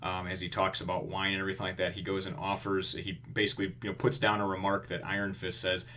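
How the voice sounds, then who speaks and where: A man's voice: sits low, completely flat delivery, quick pace, bright, forceful tone, a little hiss or hum. A man giving a casual, rambling review of a comic chapter, full of fillers and chuckles.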